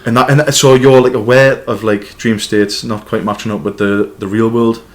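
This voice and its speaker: A man co-hosting a casual podcast chat, telling animated stories with lots of swearing and laughter. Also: on the low side, moderate pace. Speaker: podcast co-host.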